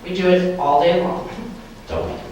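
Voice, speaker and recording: Speaking into a handheld mic in a large hall before a live audience, a woman delivers a playful motivational keynote, asking the crowd questions. Her lowish voice is steady, darkish, and moderately paced; the recording is very echoey, picked up from far off, with a little hiss or hum.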